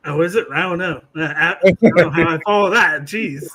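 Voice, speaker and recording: A man's voice: on the high side, a little fast, fairly bright tone. A man co-hosting a wrestling podcast, joking around in laid-back banter.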